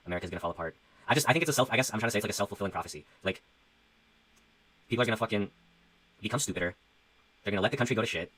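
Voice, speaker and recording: A man's voice: fairly low pitch, very fast, pauses often, fairly bright tone, low-quality recording. A young man who talks casually and profanely as he rambles on a livestream, reading out donations and musing about his music. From Canada.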